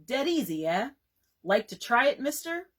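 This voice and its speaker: A woman reading as a gruff, blunt bricklayer. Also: mid-range voice, big pitch swings, normal speed. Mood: challenging. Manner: blunt, challenging. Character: gruff, proud working-class bricklayer man.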